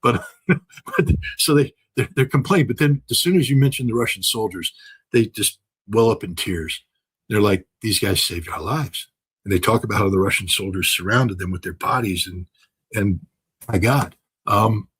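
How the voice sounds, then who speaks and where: Emphatic older man, husky low voice. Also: moderate pace, poor audio. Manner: emphatic, repetitive, with frequent fillers and restarts. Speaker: commentator. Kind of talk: impassioned commentary.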